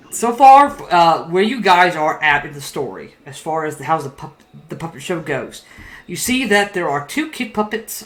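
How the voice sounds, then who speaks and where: Woman GM narrator; slow, lively pitch, filler-heavy. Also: poor audio. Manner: rambling, many fillers. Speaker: game master. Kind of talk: narrating a tabletop game.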